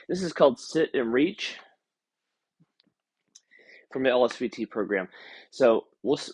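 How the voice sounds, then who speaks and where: A man leading a seated stretching class online, calling out steps and counting reps with encouragement. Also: medium pitch. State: out of breath. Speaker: exercise instructor. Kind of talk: live-streamed seated exercise class.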